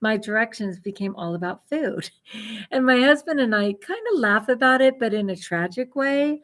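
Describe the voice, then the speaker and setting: A woman's voice: on the high side, lively intonation, moderate pace, fairly bright tone. Chatty middle-aged woman, laughing often. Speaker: vlogger. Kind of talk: casual livestream chat.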